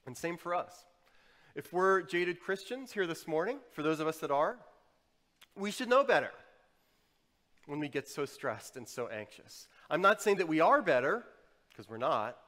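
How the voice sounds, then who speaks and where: A male pastor delivers a sermon from the pulpit of a church. His voice sits a little high for a man, and the sound rings out with long reverb in the large room. His delivery moves between quiet, pointed emphasis and loud, driving exhortation. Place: church sanctuary.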